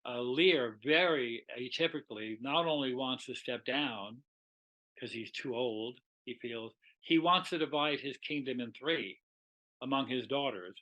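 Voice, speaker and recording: A man lecturing on literature in a relaxed, talkative way, acting out bits of dialogue as he goes. His voice is bright and has an edge. He sits at a middling pitch for a man. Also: a little slow, muffled recording. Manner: animated, conversational retelling with quoted dialogue.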